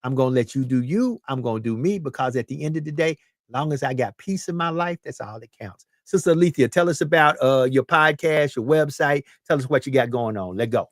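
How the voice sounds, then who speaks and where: A man's voice: medium pitch, fairly quick, no echo, studio quality. Emphatic man in his fifties hosting. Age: 50s. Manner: preachy, emphatic, repeats words. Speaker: podcast host. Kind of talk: casual chat.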